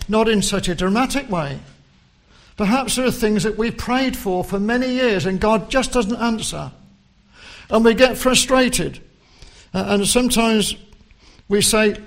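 A man delivers a sermon at a measured, unhurried pace. His voice sits high for a man, and he leans into quoted verses with rising emphasis. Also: creaky. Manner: slow and deliberate, quoting scripture with rising emphasis. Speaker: preacher.

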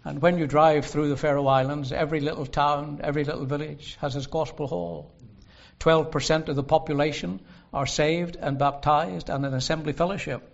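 A man preaching a sermon in a gospel hall, earnest and emphatic, slowing down to stress the scripture he quotes. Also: a little high, flat delivery, gravelly. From Northern Ireland. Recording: dull lo-fi sermon recording.

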